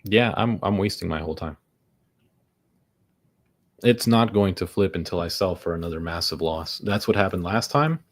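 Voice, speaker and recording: A man's voice: low-pitched, expressive, moderate pace, long pauses. Exasperated young man cursing his trades. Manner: exasperated, swearing, muttering to himself about losses. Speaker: day trader streaming live. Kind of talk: frustrated live commentary.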